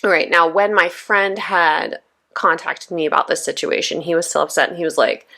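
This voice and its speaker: Woman, 30s, podcast host, casual monologue, conversational, slightly low voice. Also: normal speed, gravelly, bright, forceful tone. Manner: chatty, conversational, frequent "right?" and "you know".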